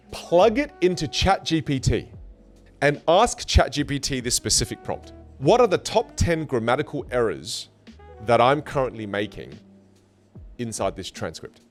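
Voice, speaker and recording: A man teaching communication skills in a studio, talking energetically and emphatically, with playful jumps in his voice. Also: mid-range voice. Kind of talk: online lesson to camera.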